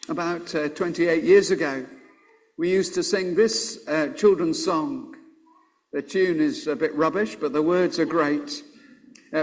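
Slow, high-voiced earnest male preacher. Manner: earnest, measured preaching with pauses. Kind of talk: sermon.

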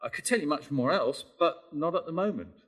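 A man voicing a calm, authoritative teacher who answers his critics firmly and plainly. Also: on the high side, a little fast, pitched above the performer's own voice.

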